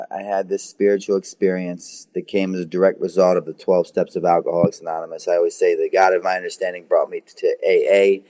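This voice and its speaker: Low-voiced man telling his story. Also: darkish tone. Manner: halting, repeats words, then intense and emphatic. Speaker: guest. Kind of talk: candid interview storytelling.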